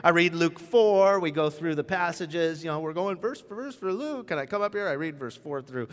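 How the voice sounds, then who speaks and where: Joking pastor in a reverberant church. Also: male voice, on the high side, moderate pace. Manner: joking, animated storytelling with lots of asides. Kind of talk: casual conversational sermon. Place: church sanctuary. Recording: church hall with long reverb.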